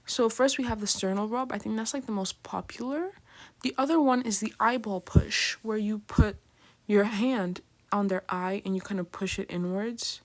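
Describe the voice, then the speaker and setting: Speaking at a medium pitch and normal speed, this woman teaches nursing in an informal, talkative style. She leans heavily on fillers, keeps tossing out "right?", and mimics patients in slangy voices.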